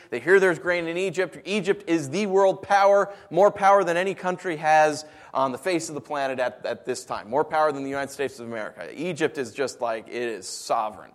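A man preaching, reading a Bible passage and explaining it in an animated, conversational way with homey asides. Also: a little high. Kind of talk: Bible teaching with scripture reading.

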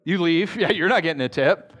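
His voice is fairly high and a little quick as he preaches from the church pulpit. The pastor keeps things animated with jokey tales and frequent questions for the congregation.

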